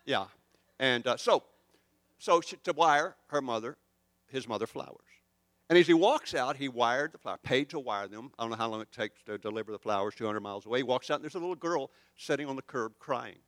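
A man's voice: mid-range voice, lively intonation, a little fast, a bit bright, dry recording. An older man preaching a conversational sermon, rambling and poking fun at himself as he tells stories. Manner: rambling, chatty and self-deprecating. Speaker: pastor.

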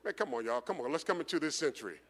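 A middle-aged man preaching a sermon in a relaxed, conversational storytelling way, repeating his phrases and building toward rising intensity. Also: on the high side, very fast. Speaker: pastor. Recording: long hall reverb.

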